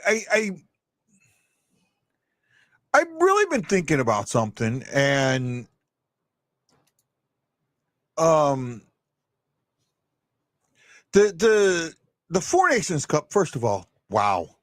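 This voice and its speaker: A man's voice: a little high, wildly swooping pitch, slow, long pauses, fairly bright tone, no echo, studio quality. A man hosting a live stream, talking casually and bluntly, rambling with many restarts and the odd swear word. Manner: blunt and opinionated.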